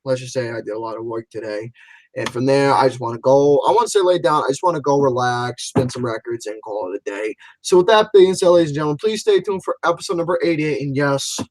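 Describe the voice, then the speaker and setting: A man's voice: medium pitch, fast, no room sound. A man co-hosting a podcast, talking in a tired, laid-back way in casual chat. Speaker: podcast co-host.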